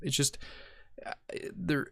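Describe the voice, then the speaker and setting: A man co-hosting a podcast, talking through a film slide by slide in a rambling, excitable way with many restarts. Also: takes it slowly, no echo, clean studio sound. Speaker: podcast co-host. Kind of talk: casual film-analysis chat.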